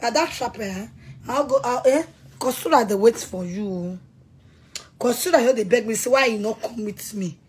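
Nigerian woman, fairly high husky voice, furious scolding rant full of threats and insults. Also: moderate pace. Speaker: person addressing someone directly.

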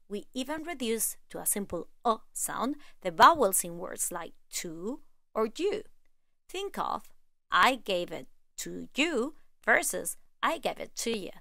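A woman narrating a scripted phonics lesson, explaining sounds clearly and enunciating each example. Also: medium pitch, sharp tone, no room sound, studio quality. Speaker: phonics teacher.

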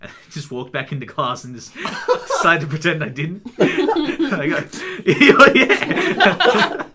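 A young Australian man co-hosting a podcast in casual chat, excitable and laughing often as he swears freely. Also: a little high, measured pace, a loud crowd.

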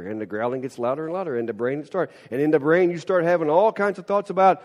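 A male pastor delivers a sermon in a lively, chatty way, often turning to the congregation with quick questions and asides. His voice sits fairly high for a man. The long reverb of a church hall trails after his words. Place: church sanctuary.

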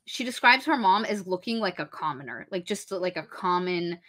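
A woman co-hosting a casual book-review podcast, retelling the plot with animated energy and acting out the characters' lines. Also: fairly low pitch, normal speed. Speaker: podcast co-host.

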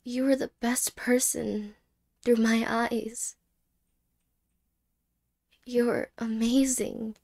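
Whispered role-play: a woman plays a wistful, apologetic ex-girlfriend with a fairly high, gravelly voice, halting and soft. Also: level tone, heavily acted. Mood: tender. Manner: halting, hesitant, soft-spoken with whispered words.

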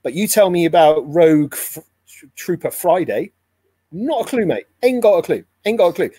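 A man's voice: sits high, animated, normal speed, warm tone, breathy edge, no room sound. A man, a comic editor, chatting casually and laughing often. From Scotland. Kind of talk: casual chat.

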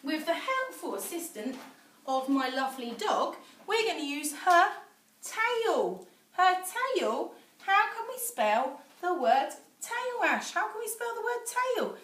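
Slow, high-voiced teacher sounding out letters. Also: female voice, big pitch swings, fairly bright tone. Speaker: infant school teacher. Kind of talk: phonics lesson for young children. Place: home, echoey room. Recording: echoey room, voice a little far off.

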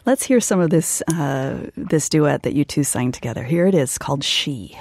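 A radio interviewer asking measured, prompting questions. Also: mid-range voice, expressive, a little mellow, dry recording, clean studio sound.

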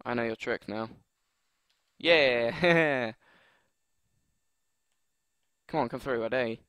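A young man talks over his own gameplay at a slow, drawn-out pace, trading jokes and mutters with himself as opponents annoy him. His voice sits at an ordinary middle pitch. The recording is dry and close, with no room sound around it. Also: a bit bright, clean tone, dry recording. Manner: joking, muttering, exasperated at opponents. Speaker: gaming commentator. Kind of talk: live gameplay commentary.

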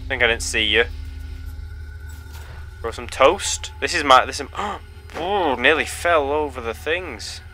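Excitable young man gaming. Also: mid-range voice, slow pace, long pauses, faint music behind. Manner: excitable, yelps and pleads at the game. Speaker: gaming channel host. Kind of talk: let's play commentary.

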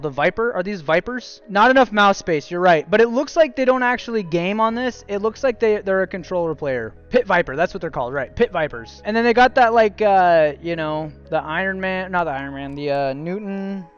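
A man's voice: high-pitched, brisk, few pauses, clean tone, dull audio, faint music behind. A young man streaming, giving casual joking commentary as he rates viewers' gaming setups, often saying "dude" and "bro". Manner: jokey, animated, says "dude" and "bro" a lot.

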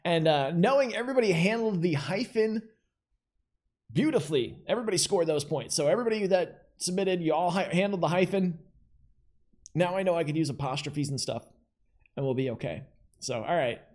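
A man's voice: on the high side, lively intonation, brisk, darkish tone. A man hosting a live-streamed trivia game show, chatty and upbeat, talking straight to the players in the chat.

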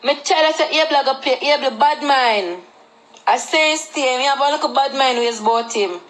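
A woman's voice: sits high, normal speed, fairly bright tone. A woman with a Jamaican accent chatting casually on a livestream, rambling and repeating herself, mixing Patois into her talk.

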